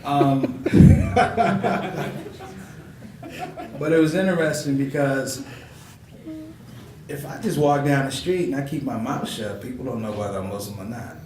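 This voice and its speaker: A man in his forties, a comedian on a panel, telling stories in an animated way and acting out the voices of people he quotes. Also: mid-range voice, slow pace, long pauses. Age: 40s. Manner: animated storyteller who acts out quoted voices with laughter. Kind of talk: storytelling panel talk. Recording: echoey hall from far off with noise.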